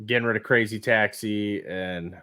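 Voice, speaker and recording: A man's voice: lowish voice, steady tone, moderate pace, pushed and bright, clean tone. A man co-hosting a casual gaming podcast, rambling with fillers and swearing.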